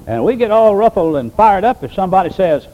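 A man's voice: sits high, sing-song, a little fast, highs cut off. An older man, a pastor, preaching a sermon in a plain-spoken, folksy way and rising to emphatic exclamations.

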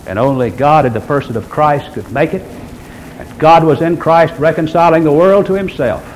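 A man with a high voice preaches a sermon, reading old-fashioned scripture wording aloud. He swings from loud, emphatic lines down to hushed, low passages. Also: slight background noise, rough recording. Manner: reads scripture in King James wording.

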